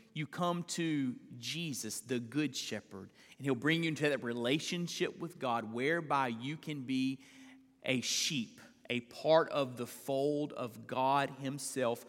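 A male pastor preaches with emphatic, building force, repeating lines as he climbs to loud declarations and tripping over words now and then. His voice sits high and sounds bright and forceful. The sound carries the long reverb of a big church hall. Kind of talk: sermon. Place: church sanctuary.

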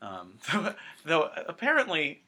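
A man from the Boston area chats about films on a podcast. His voice sits fairly high and is very bright, with lively swings in pitch, and he talks in a jokey way with stammering restarts. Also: slow. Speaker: podcast co-host. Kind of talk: casual film chat.

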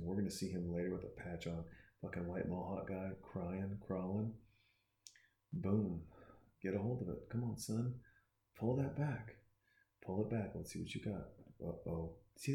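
A man from Texas talking in a casual, profane, rambling monologue, preachy and excitable, often restarting his sentences. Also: low-pitched, roomy sound. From Austin, Texas. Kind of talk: casual rambling monologue while watching a movie.

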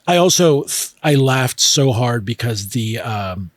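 A man's voice: mid-range voice, expressive, measured pace, no room sound. Stammering male host, dry close sound. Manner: enthusiastic, stammering restarts, laughs. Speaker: podcast host. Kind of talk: casual podcast chat about a film.

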